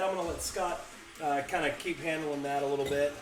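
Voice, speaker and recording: A man's voice: on the high side, fairly even intonation, a little fast, soft background music. A man co-hosting a live brewing stream, laid-back and teasing his partner. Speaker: livestream co-host. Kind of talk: casual chat. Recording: echoey room, off-mic from a distance.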